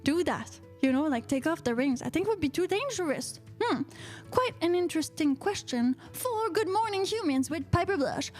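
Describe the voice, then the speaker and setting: High-voiced Quebec French woman hosting playfully. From Quebec, Canada. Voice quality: playful, theatrical, lots of uh-huhs and mm-hmms. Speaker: radio show host. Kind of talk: live-streamed chat show, reading viewer comments.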